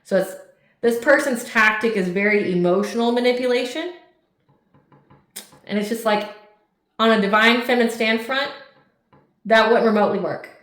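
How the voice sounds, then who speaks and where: A woman's voice: on the high side, moderate pace, long pauses, fairly bright tone. A woman giving a casual tarot reading, talking bluntly and emphatically with lots of swearing and "like". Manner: blunt, profane, emphatic, fillers of "like". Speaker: tarot reader. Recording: roomy echo.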